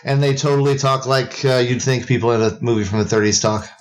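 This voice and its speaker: A man's voice: medium pitch, steady tone, fast talker. A man co-hosting a podcast in casual banter, laid-back, joking and swearing freely. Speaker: podcast co-host.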